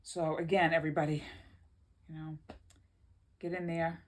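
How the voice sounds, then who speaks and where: A woman's voice: low-pitched, level tone, normal speed. Chatty woman vlogging from home. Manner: rambling, chatty, laughs often. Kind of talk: casual chat to camera.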